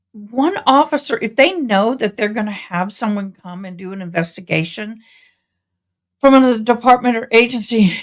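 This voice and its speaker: A tired woman, chatting casually and rambling to viewers on a home livestream. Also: mid-range voice. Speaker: livestream host commenting on a trial.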